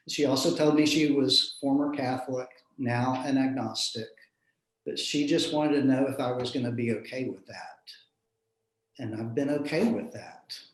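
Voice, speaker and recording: A man, a minister telling a personal story in an earnest, reflective way with soft chuckles. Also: mid-range voice, steady tone, normal speed. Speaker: minister in a panel discussion. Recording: roomy echo.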